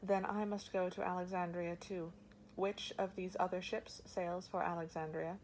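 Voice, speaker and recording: Woman voicing a young prince, desperate, pleading, low pitch, flat delivery. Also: normal speed, slight background noise, natural voice, rough recording. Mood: urgent. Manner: urgent, pleading.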